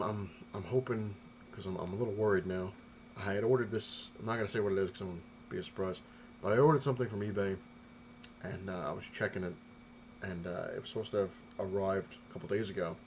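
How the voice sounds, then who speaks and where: A man's voice: low voice, a little mellow, a little hiss or hum, low-quality recording. A man talking casually to the camera at home, loose and chatty, often repeating himself as he rambles through his vlog. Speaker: collector vlogger showing his haul. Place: apartment at home.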